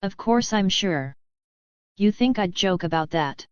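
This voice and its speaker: A woman's voice: medium pitch, lively intonation, measured pace, clear, resonant tone, dry recording, lo-fi sound, close to an everyday voice. A woman reading as a blunt, muscular male street racer.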